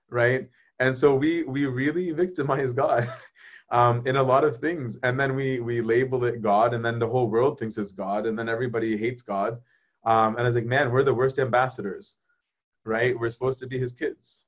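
A man, a priest, talking casually about faith and answering viewers' questions in a conversational, animated way. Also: mid-range voice, normal speed. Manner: conversational, animated, often asks "right?".

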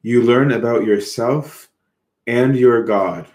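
A man's voice: mid-range voice, darkish tone, roomy sound. A man giving an earnest, reflective sermon, repeating words as he goes. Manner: earnest, reflective, slow with repetitions. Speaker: preacher.

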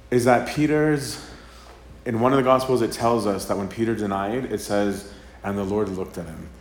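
A man's voice: fairly low pitch, slight background noise. A male priest giving a casual, conversational sermon talk. He acts out quoted dialogue and keeps checking in with "right?". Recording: roomy live talk with faint ambience.

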